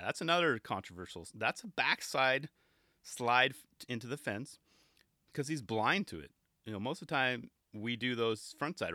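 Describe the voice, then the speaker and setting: A man hosting a show, chatting casually and excitedly as he reviews skate video clips, often restarting his sentences and laughing. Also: mid-range voice, dry recording, studio quality.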